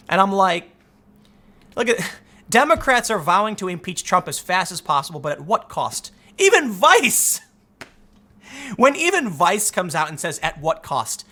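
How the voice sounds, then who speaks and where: A man's voice: sits high, pushed and bright. Tired, exasperated male political commentator. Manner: exasperated, rambling, frequent restarts.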